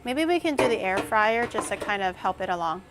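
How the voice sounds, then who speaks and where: A woman's voice: medium pitch, lively intonation, a little fast, background noise. A young woman chatting casually on a cooking livestream, thinking aloud and snapping back at her chat. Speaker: cooking streamer.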